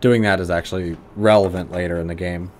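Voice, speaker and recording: Deep-voiced man streaming a game. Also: fairly even intonation, fast talker, slight background noise. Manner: blunt, profane asides. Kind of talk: casual gameplay commentary.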